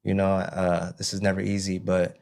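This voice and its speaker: Low, flat-voiced man telling his story. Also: creaky. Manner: halting storytelling, keeps saying "you know what I mean". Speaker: interview guest. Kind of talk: personal recovery testimony.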